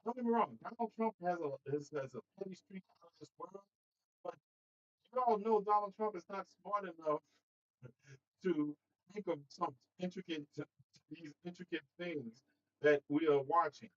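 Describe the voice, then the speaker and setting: A man hosts a casual political livestream, speaking directly to viewers with animation and laughing between points. His voice is high-pitched, his pace moderate, and the sound lo-fi.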